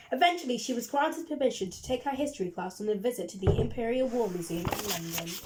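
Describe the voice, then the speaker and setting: A woman reads a children's book aloud with lively, expressive storytelling. Her voice sits a little high but has a mellow, warm tone. She reads with a steady, engaging delivery.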